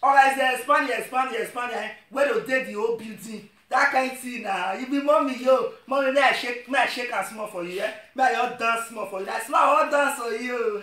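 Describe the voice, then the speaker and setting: A man with a Nigerian Pidgin English accent shouting playful, sing-song birthday wishes in a video message. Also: very high-pitched, a little fast, hardly any pauses, far from the mic. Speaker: well-wisher. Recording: echoey room, off-mic, music behind.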